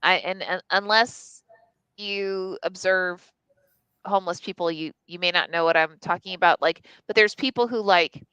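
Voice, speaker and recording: A woman's voice: fairly low pitch, moderate pace, bright, forceful tone, smooth, no room sound, poor audio. A woman telling a candid personal story on a live stream, casual and profane, full of "like" and restarts. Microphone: live stream mic.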